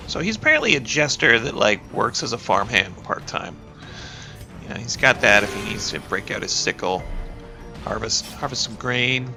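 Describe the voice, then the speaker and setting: Chatty gravelly man commenting on a game. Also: mid-range voice, bright, forceful tone. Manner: chatty, rambling, talks to his game characters. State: sniffly with a cold. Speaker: gaming YouTuber and teacher. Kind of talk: let's play commentary.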